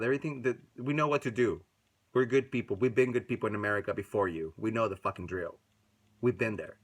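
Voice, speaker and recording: A man giving angry, profane commentary in a casual video, ranting and swinging between loud bursts and soft asides. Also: medium pitch, animated, quick pace.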